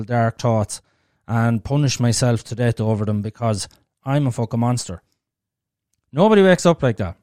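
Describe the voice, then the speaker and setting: A man's voice: on the high side, darkish tone, no room sound, clean studio sound. A man with an Irish accent hosting a solo podcast, talking frankly and bluntly and swearing freely as he shares his own experience. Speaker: podcast host. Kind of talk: candid solo podcast monologue.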